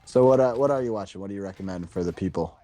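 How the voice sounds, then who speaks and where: A young man hosting a casual gaming podcast, excitable with lively reactions. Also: deep voice, racing, dry recording. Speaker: podcast host.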